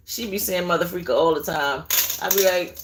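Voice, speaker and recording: A woman with a lowish, fairly bright voice hosts a live tarot reading. She talks chattily to viewers, straying into asides as she searches around for things.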